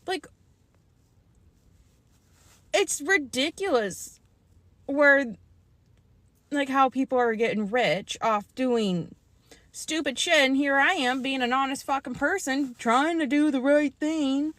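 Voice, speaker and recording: Young woman, heated and profane, slow deliberate delivery with a lively swinging pitch. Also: no echo. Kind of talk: angry vlog rant.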